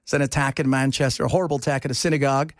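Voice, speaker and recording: A man hosting a talk radio show, rambling in a casual, animated way from topic to topic. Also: medium pitch, rapid-fire, no room sound, clean studio sound.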